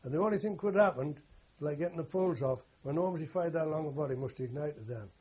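Telling his oral history fast, an older veteran rambles earthily about the war and corrects himself along the way. His voice is fairly high, warm and husky, and the sound quality is lo-fi.

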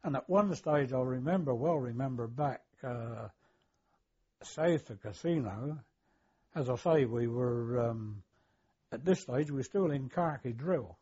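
An older war veteran recalling his service in an interview, hesitant, with many fillers, throat clearing and chuckles. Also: medium pitch, measured pace, dark tone, highs cut off. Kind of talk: oral history recollection.

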